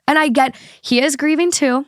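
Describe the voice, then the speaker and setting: A woman's voice: high-pitched, normal speed, no echo, studio quality. A woman hosting a podcast, talking in a heated, indignant way with a stuffy nose. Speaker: podcast host. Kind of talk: casual podcast chat.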